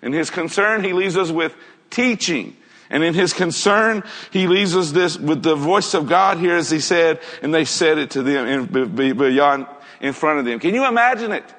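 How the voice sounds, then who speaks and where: A man with a high-pitched voice preaches an earnest sermon to his congregation. He keeps asking his listeners rhetorical questions. His voice rings out with a long reverb, as if he were in a large church hall. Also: normal speed, fairly bright tone.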